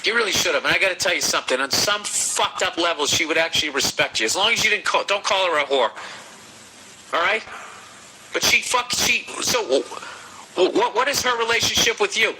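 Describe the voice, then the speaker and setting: Podcast host with a Boston accent, a man giving crude comic advice, forceful tone. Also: sits high, a little fast, slight background noise, rough recording. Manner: profane, ranting, animated. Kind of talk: comedic advice rant.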